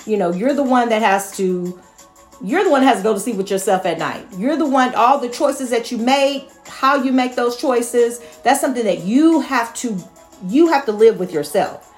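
A woman's voice: on the high side, expressive, normal speed, soft background music. A middle-aged mother talking casually to viewers, earnest and repetitive, with laughing asides. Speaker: mother sharing her views.

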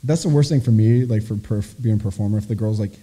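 A man's voice: fairly low pitch, fast, warm tone. A young adult man telling a story as a guest, rambling with constant fillers and swearing. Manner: rambling, heavy filler "like", profane. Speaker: guest performer. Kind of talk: casual storytelling chat.

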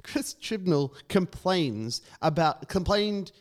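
A man's voice: high voice, expressive, slow pace. A man co-hosting a casual fan podcast, opinionated and full of ums and restarts. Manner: opinionated, hesitant with many fillers. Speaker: podcast co-host.

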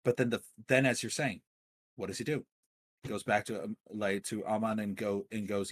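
A man with a fairly low voice talks through a film in a casual podcast chat. He is eager and rambling, circling his point with fillers and restarts. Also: steady tone, moderate pace. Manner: enthusiastic, rambling with many fillers. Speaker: podcast co-host.

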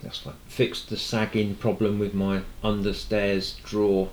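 A man from Wales chatting casually and telling animated anecdotes, acting out both sides of conversations. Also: lowish voice, unhurried. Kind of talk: casual chat. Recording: roomy echo, faint noise.

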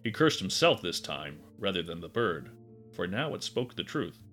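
A man narrating a dark story in a measured, expressive way. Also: sits low, soft background music. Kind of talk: dramatic audiobook narration.

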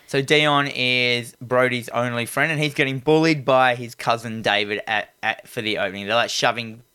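A man's voice: medium pitch, clear, resonant tone, no echo. A man, co-hosting a casual film review chat, swearing freely and laughing easily. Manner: swearing, animated, quick laughs. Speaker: podcast co-host.

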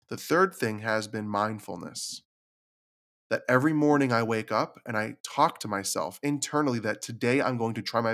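A man's voice: medium pitch, fairly bright tone. A man hosting his own podcast, talking earnestly and confidingly about his struggles, sometimes repeating words when moved. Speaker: podcast host. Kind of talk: reflective solo podcast talk.

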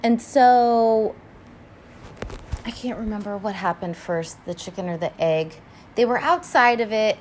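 A young woman chatting casually as she reacts to an animated film, rambling with lots of fillers and frequent swearing, sounding tired. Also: mid-range voice, measured pace, slight background noise. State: tired and yawning. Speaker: first-time viewer reacting to an animated film.

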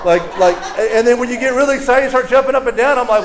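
A young male preacher with a high voice delivers an energetic, playful sermon in a church. He jokes with the congregation and leads them in call-and-response. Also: fast, few pauses, a crowd in the background. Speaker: youth pastor.

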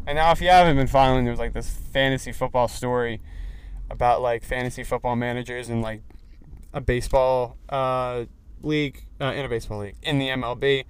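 A man's voice: medium pitch, fairly quick, clear, resonant tone. Rambling young guy talking while driving. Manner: rambling, heavy filler "like", excitable. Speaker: podcast host. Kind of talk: casual podcast monologue. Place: in a car, driving. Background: faint vehicle noise.

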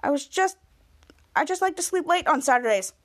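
A woman's voice: high-pitched, animated, brisk. A woman voicing a sarcastic, exasperated teenage boy.

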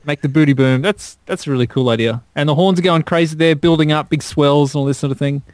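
An eager man with a fairly high voice talks through a song piece by piece, gushing about horns and chord changes. His voice sounds dry and close, with no room around it. He is a regular co-host of a casual music podcast. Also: fast, dry recording. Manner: enthusiastic, detailed song analysis.

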